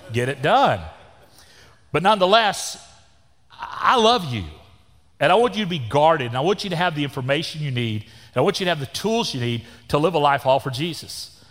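A Texan pastor in his sixties preaches in a church with a long, ringing reverb. His voice is fairly high for a man and swings widely up and down. He keeps a folksy, joking tone full of down-home sayings. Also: a bit bright. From Texas. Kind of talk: sermon. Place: church sanctuary.

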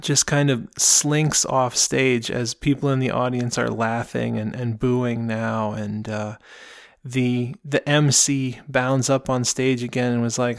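A man telling an improvised story aloud, in a rambling way with many pauses and restarts. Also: medium pitch, level tone, creaky, dry recording, studio quality.

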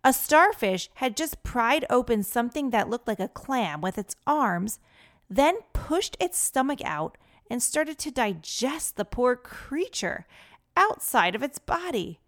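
A woman narrating a children's adventure story in a lively, clear manner. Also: a little high, measured pace.

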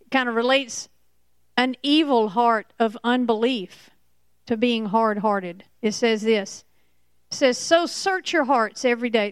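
A woman preaching a Bible sermon, slow and emphatic, repeating key points. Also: on the high side, clean tone, no room sound. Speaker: Bible teacher.

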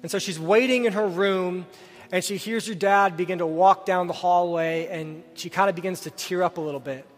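In a church sanctuary, a pastor with a high, steady voice preaches at normal speed, earnestly telling a story and putting direct questions to his listeners before leading a prayer. The hall is reverberant, with faint music in the background.

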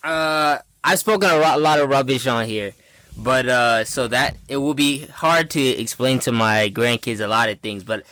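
A young man co-hosting a podcast who rambles along casually and says "bro". His voice sits at an ordinary pitch and sounds dry and close, with no room around it. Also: moderate pace, dry recording. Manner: relaxed, rambling, calls people "bro". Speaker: podcast co-host. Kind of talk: casual chat.

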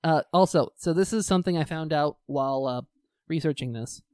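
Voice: medium pitch, brisk, clean tone, no echo, studio quality. A podcast co-host chatting casually, swearing often and ranting with energy about shows they love and hate. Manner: profane, animated ranting.

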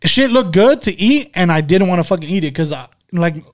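A man's voice: high voice, expressive, a little fast. A man co-hosting a podcast, telling a long, profanity-heavy story in casual chat. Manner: profane, rambling, repeats "dude" and "fucking". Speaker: podcast co-host. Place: currently in Mexico, joining remotely.

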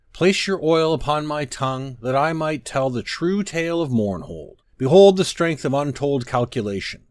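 A man's voice: mid-range voice, a little mellow, dry recording, studio quality. A man giving a solemn, declamatory scripted reading of an old sermon. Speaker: narrator.

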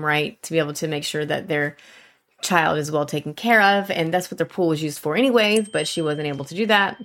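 A woman's voice: fairly low pitch, a bit bright. A woman who hosts a podcast and runs a pool business, telling a story in a casual, candid way with swearing and acted-out quotes.

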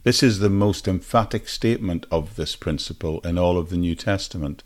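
A man with a fairly low voice teaches scripture on his podcast in an earnest, devotional way. He often repeats a phrase to drive it home and turns to the listener with rhetorical questions. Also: normal speed, darkish tone. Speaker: Bible teacher and podcast host. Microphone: podcast microphone.

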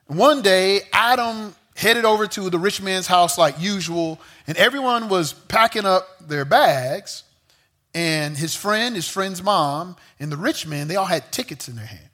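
A man preaching a sermon to a young crowd, telling a story with lively, joking asides. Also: high voice, measured pace. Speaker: youth pastor.

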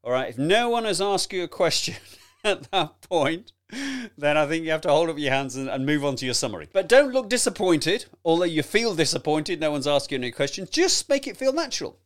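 A man coaching on presentation skills in a chatty, animated teaching talk, addressing the listener directly and laughing often. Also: a little high, fairly quick.

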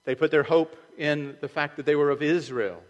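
A man's voice: on the high side, normal speed, big-room sound, lo-fi sound. A man preaching a sermon as pastor, in a loose conversational way that acts out the voices he quotes. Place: church sanctuary.

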